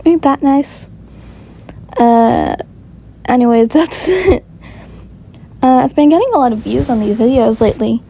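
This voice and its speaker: A woman reads her homemade story casually, giggling and breaking off to comment on her own writing. Her voice sits fairly high with a soft, mellow tone, over a faint background hiss. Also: a little slow, pauses often, low-quality recording. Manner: offhand, giggly, self-commenting.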